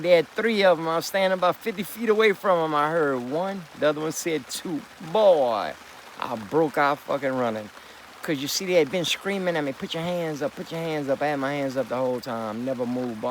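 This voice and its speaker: A man with a slightly high voice vlogs in a rambling, profane, emphatic monologue, folksily calling listeners "partner" and "boy." The audio is poor, with a little hiss or hum.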